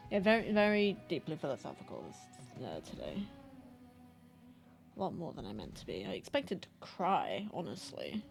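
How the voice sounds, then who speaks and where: Woman streamer, casual rambling chat, self-deprecating, quiet music in the background. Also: deep voice, huge pitch swings, moderate pace, vocal fry.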